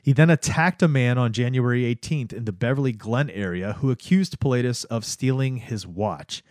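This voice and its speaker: A man hosting a casual podcast, running through dated events in a loose, rambling way with lots of fillers and restarts. His voice sits at an ordinary male pitch, close and dry on the mic with no room sound. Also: moderate pace, a little mellow, no room sound. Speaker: podcast host. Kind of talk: casual history-of-the-day chat.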